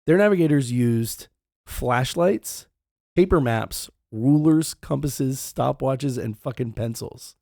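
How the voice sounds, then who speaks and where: A man co-hosting a podcast, telling a history story in a casual, profane, animated way. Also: medium pitch, takes it slowly, vocal fry, no echo, clean studio sound. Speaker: podcast co-host.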